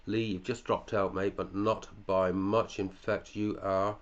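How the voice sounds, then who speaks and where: A man's voice: low voice, flat delivery, measured pace, muffled recording. A male fantasy football podcast host in casual chat, running through listeners' teams, chatty, with muttered asides and casual swearing.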